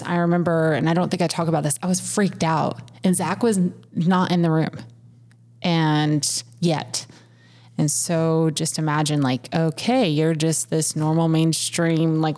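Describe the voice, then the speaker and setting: Low-voiced young woman rambling casually. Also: steady tone, a little slow, a little mellow. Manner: rambling, full of "like" fillers, swears freely. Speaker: podcast co-host. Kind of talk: casual storytelling chat.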